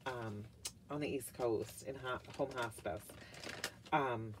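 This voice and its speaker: Middle-aged woman, casual haul vlogger; slow, gushing delivery with lots of fillers and hushed asides. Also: rumbling low, noisy background. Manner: gushing, chatty, full of "like" fillers, drops to whispered asides. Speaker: vlogger reviewing wax melts.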